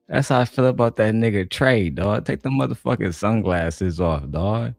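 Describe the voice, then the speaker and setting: A man from Detroit is streaming and reacting, talking bluntly and swearing often. His voice is deep and sounds close and dry. Faint music sits far behind him. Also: normal speed, creaky, hardly any pauses, a little mellow, no room sound. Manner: blunt, profane, ranting.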